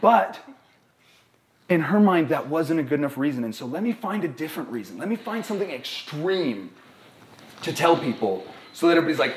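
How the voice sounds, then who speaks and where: A young man, a therapist and co-host, talking casually on a live podcast. He tells stories in an animated way and keeps checking in with "right?". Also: a little high, fairly quick, a little hiss or hum. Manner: animated storytelling, many "right?" tags. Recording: roomy echo.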